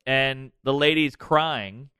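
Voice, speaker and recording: A man's voice: mid-range voice, slow, clean tone, dry recording. A man, a comedian guest, telling a story in casual, profane podcast talk. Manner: animated, profane.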